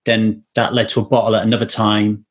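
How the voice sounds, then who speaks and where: A man's voice: fairly low pitch, monotone, brisk. A man hosting a casual interview, candid and swearing freely as he tells stories. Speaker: podcast host.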